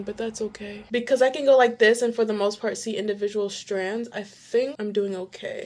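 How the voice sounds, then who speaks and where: Chatty young woman, slightly high voice. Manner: chatty, excitable, narrates each step. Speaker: vlogger. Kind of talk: casual hair tutorial vlog.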